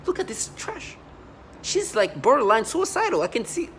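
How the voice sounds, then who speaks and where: A vlogger speaking in an agitated, intense personal monologue that keeps restarting and breaking into quoted asides, swinging between loud outbursts and low muttering. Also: big pitch swings, moderate pace, a little hiss or hum.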